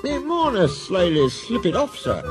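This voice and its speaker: A man's voice: high voice, wildly swooping pitch, a little slow, pitched above the performer's own voice, heavily acted. A man voicing a pair of cheeky male steam engines with a Scottish accent, sly and falsely innocent, over background music. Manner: sly, innocent-sounding and polite.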